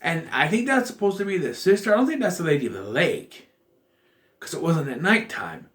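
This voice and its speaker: A man's voice: on the high side, very animated, brisk, fairly bright tone. A man giving a casual spoken review of a show, rambling and thinking aloud as he restarts his sentences.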